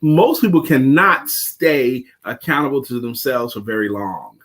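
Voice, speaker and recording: A measured man coaching on a livestream. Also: mid-range voice, fairly bright tone. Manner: measured, explanatory, teacher-like. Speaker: co-host and coach. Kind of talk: casual livestream chat.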